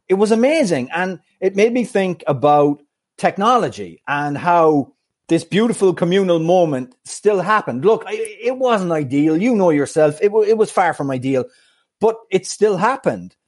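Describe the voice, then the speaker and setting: A man's voice: on the high side, darkish tone. A man co-hosting a podcast, reflective in his talk and teasing his partner in casual chat. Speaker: podcast co-host.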